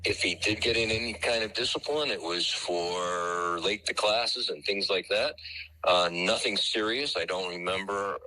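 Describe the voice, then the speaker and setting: Deep, forceful middle-aged man. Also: dry recording, poor audio. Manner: measured, with pauses. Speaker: former school administrator, interviewee. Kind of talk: news interview.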